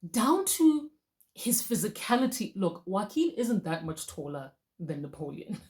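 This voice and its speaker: A woman's voice: mid-range voice, big pitch swings, measured pace, darkish tone. A woman giving a casual, chatty movie review, talking straight to her viewers and laughing often.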